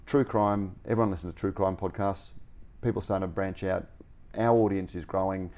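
A chatty man co-hosts a podcast, rambling and laughing as he talks. His voice is fairly low and mellow. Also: fairly even intonation, fairly quick. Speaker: podcast co-host. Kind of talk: casual podcast chat.

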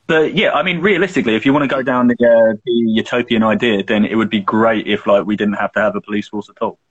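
This young man co-hosts a podcast and tells a long story in loose, rambling casual chat, swearing freely between fillers. His voice is husky, and the recording sounds muffled and lo-fi. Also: lowish voice, fast. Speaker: podcast co-host.

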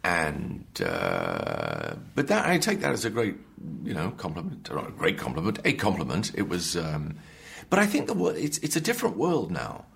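A very low, gravelly English man in his fifties. He jokes deadpan and self-mockingly, his pitch rising and falling widely as he talks. He often stops and restarts mid-thought. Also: moderate pace, few pauses. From England. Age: 50s. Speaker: actor guest. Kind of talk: dry, joking interview chat. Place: hotel room.

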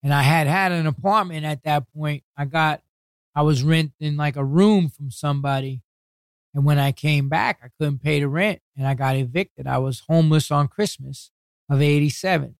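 A man's voice: fairly high pitch, creaky, clear, resonant tone, no room sound. A man with a New York accent, a guest telling stories from his past in a casual interview. He swears heavily and talks bluntly, acting out what other people said. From New York City. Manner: heavy swearing, blunt street talk; acts out others' words in quick retellings.

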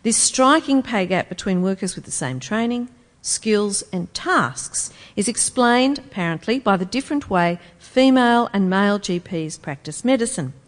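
A woman's voice: mid-range voice, lively intonation, moderate pace, big-room sound. A woman giving a public lecture in a wry, emphatic, rhetorical manner. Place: lecture hall.

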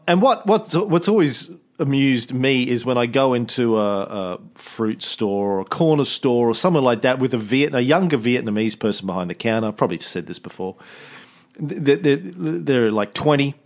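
An Australian man chatting casually as a podcast host, rambling and joking with frequent restarts. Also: medium pitch. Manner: rambling, jokey, with repeated restarts. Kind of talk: casual chat.

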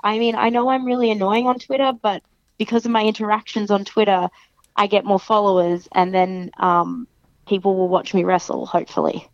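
A young adult Australian woman, a professional wrestler, chatting in an interview and lively acting out other people's remarks. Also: fairly quick, dry recording. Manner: chatty, animated, acts out other people's lines in a higher voice. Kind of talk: casual interview chat. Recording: dry, dull lo-fi podcast sound.

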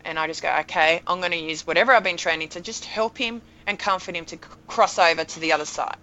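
A woman in her thirties, a podcast guest telling an emotional story in a lively, animated way. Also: fairly low pitch, quick pace, lo-fi sound. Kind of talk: casual storytelling.

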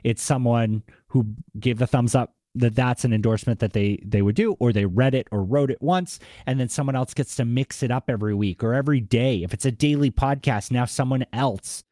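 A man's voice: mid-range voice, fairly quick, few pauses, mellow, dry recording, clean studio sound. A man with a Boston accent, speaking as an interview guest in a chatty way, often tagging his thoughts with "like" and "right?". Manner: chatty, with frequent "like" and "right?" tags. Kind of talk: conversational interview.

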